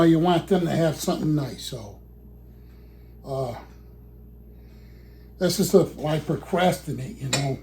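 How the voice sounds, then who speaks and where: Slow-talking, profane man, somewhat breathless, muttering his way through a home cooking vlog with a faint hum behind him. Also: a little high, a little mellow. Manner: rambling, swears often, mutters to himself. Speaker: vlogger. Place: home kitchen.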